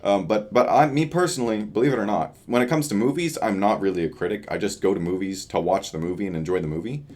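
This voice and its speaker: This young vlogger talks quickly in a fairly low, darkish voice, addressing the camera pointed at him. Tired from too little sleep, he chats loosely in his casual video diary with plenty of fillers.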